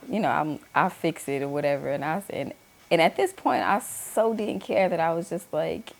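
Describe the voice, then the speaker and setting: Woman, 30s, host, candid storytelling, gravelly, lowish voice. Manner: candid, acts out quoted voices. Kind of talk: personal storytelling chat.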